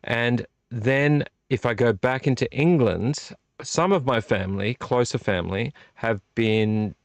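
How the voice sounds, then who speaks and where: A man's voice: medium pitch, dry recording. A man hosting a late-night live stream, tipsy from drinks and rambling off on tangents while chatting to viewers. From Australia. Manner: rambling, digressive, talking to chat. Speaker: vlog host.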